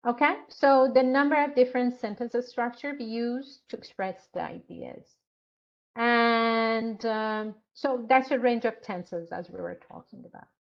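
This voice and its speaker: A woman instructor with a slightly high voice lectures very slowly and patiently, often pausing to find her words. The audio is muffled and lo-fi, like an online class. Her manner is explanatory, with frequent hesitations.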